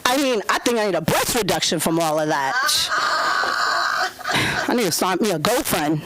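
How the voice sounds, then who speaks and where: A woman in her thirties doing a brash, profane stand-up set at an open mic, jumping into squealing high voices for the people she quotes. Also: animated, moderate pace, a bit bright, slight background noise, poor audio. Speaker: stand-up comedian. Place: comedy club stage.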